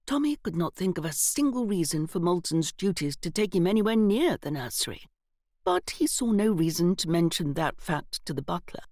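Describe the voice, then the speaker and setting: Woman narrating an audiobook, lively tone. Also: on the low side, normal speed, no room sound, clean studio sound.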